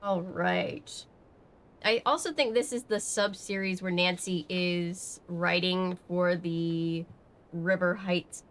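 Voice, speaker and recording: Chatty woman with a lowish voice. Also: unhurried. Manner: chatty and rambling, answering chat with many fillers. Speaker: streamer. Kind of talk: casual livestream chat. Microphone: webcam setup.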